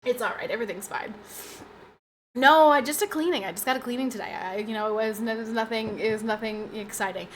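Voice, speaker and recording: A woman's voice: fairly high pitch, fairly quick, fairly bright tone, slight background noise. A tired young woman streamer chatting casually, rambling and joking at her own expense with frequent laughs. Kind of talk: casual livestream chat.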